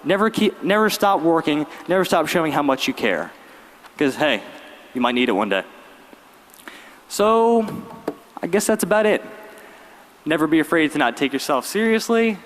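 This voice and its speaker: A young man, giving a graduation speech as valedictorian with lively storytelling and wry humor. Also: fairly high pitch, normal speed, pauses often, a little hiss or hum. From Virginia, US. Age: late teens. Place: large arena. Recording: long arena reverb.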